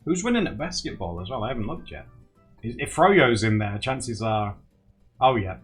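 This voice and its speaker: A man's voice: medium pitch, lively intonation, moderate pace, soft background music. A man chatting casually on a live stream, giggly and playful. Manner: giggly, playful, bouncing between voices.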